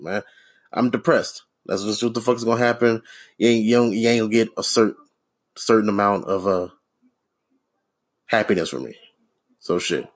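A man hosting a podcast alone, rambling in a deadpan, sardonic way, swearing freely and filling with ums and restarts. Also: on the low side. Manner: profane, rambling, sardonic, many fillers and restarts. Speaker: podcast host. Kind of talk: casual solo rant.

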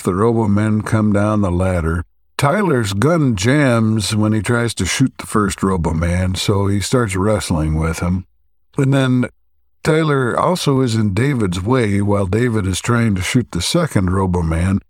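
A low-voiced man recapping an episode. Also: no echo, studio quality. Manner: relaxed, halting, with frequent "uh" pauses. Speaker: podcast co-host. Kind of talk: casual plot recap.

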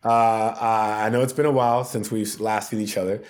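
A man's voice: on the low side, fairly even intonation, normal speed, a little mellow. Guy on a podcast telling a wild story, laughs a lot, does the voices. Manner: acts out quoted voices, laughs often. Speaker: podcast guest, TV producer. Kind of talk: animated storytelling.

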